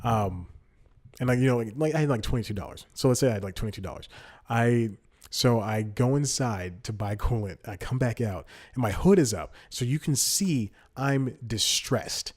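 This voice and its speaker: A man's voice: mid-range voice, expressive, normal speed, darkish tone. A man in his twenties hosting a comedy podcast, telling a story in a rambling way, restarting sentences and laughing at himself. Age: 20s. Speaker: podcast host.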